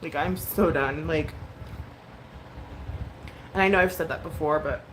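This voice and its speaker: A woman's voice: low voice, a little slow, poor audio. A woman in her thirties chatting casually on a livestream, candid and emotional, swearing freely and full of likes and ums. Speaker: livestream host. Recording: noticeable background noise.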